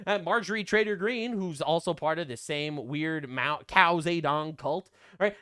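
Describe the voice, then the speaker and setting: A man riffing through sarcastic reaction commentary in a high, bright, sharply clear voice. He mocks and swears freely, swinging between loud outbursts and low muttered asides, and the sound is close and dry. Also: a little slow, hardly any pauses, no room sound.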